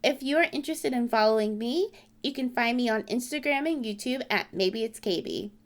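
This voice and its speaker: A woman hosting a podcast, friendly, who reads her outro and spells out contact details slowly and carefully. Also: a little high. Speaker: podcast host. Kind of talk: interview and scripted outro.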